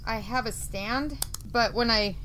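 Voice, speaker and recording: A woman co-hosting a podcast in loose, loud chat, often laughing at herself. Her voice is bright and forceful, a little higher than most. Faint noise hums under the call recording. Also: unhurried. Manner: loud, laughing, self-mocking. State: stiff neck, cannot turn head. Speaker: podcast co-host. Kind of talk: casual chat. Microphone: video call with microphone.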